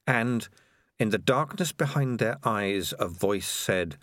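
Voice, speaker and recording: Expressive male audiobook narrator. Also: on the low side, dry recording, clean studio sound. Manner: expressive, measured storytelling.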